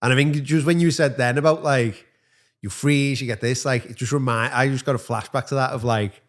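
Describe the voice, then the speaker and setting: A man's voice: medium pitch, fairly even intonation, brisk. A man co-hosting a podcast, talking reflectively in a rambling way with many fillers. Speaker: podcast co-host. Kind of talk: casual chat.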